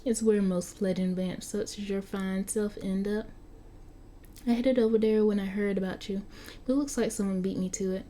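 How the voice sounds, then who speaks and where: A woman's voice: mid-range voice, fairly even intonation, moderate pace, dark tone, close to an everyday voice. A woman doing a playful androgynous vampire. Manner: light, teasing and casual. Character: playful androgynous young vampire, friendly yet menacing.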